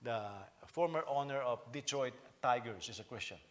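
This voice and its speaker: Delivering his sermon at normal speed and medium pitch, a middle-aged senior pastor keeps things animated. He trades jokes with the congregation and keeps repeating and restarting his lines.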